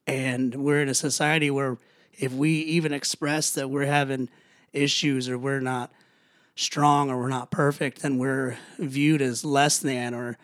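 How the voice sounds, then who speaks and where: A man hosts his own podcast in a halting, earnest way, often stopping and starting over. He sounds low and weary but keeps going. His voice sits at an ordinary pitch and is recorded dry and close. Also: little pitch movement, a bit bright, no room sound. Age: young adult to middle-aged, a father. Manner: halting, earnest, many restarts. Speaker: podcast host. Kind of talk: personal solo podcast talk.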